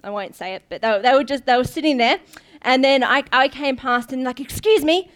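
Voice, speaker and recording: Speaking briskly in a high, somewhat bright and clean voice, a young guest preacher who is the pastor's daughter tells stories to her church in an informal sermon. She chats freely, laughs often, stumbles through many ums and restarts, and briefly tears up.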